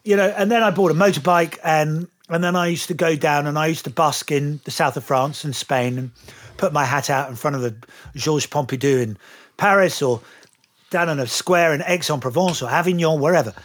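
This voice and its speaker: A middle-aged Englishman with an English accent, chatting as an actor guest in an interview and telling lively, anecdotal stories with the odd curse. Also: a little high, brisk. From England. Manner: lively anecdotal storyteller, occasionally swears. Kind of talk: casual interview chat.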